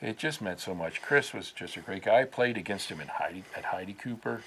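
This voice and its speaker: A man's voice: low-pitched, a little fast, a little hiss or hum, rough recording. A man in his sixties, a sports photographer, telling stories as a guest on a local TV show with laughing asides. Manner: animated anecdotes with laughing asides. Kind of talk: casual storytelling interview. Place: local cable TV studio.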